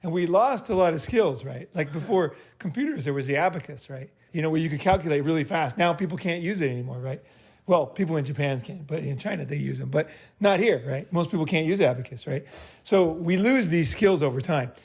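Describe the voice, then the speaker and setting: A host with a fairly quick, expressive voice on the high side, carrying vocal fry and a mellow, husky quality, talks to his group. He hands out blunt, profane advice in a wandering way, asking "right?" after each point.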